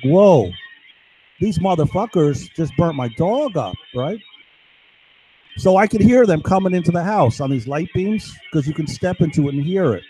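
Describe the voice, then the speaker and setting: A man's voice: fairly high pitch, warm tone, slight background noise, poor audio. A man telling a long, agitated story on a live stream, swearing often and tagging his sentences with "right?". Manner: agitated, profane, keeps asking "right?". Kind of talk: rambling monologue.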